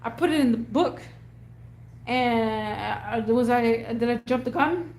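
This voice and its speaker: A woman vlogger casually telling a story to her viewers in an animated, chatty way. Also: fairly high pitch, normal speed. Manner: animated, chatty, acts out scenes. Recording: echoey room with faint hum.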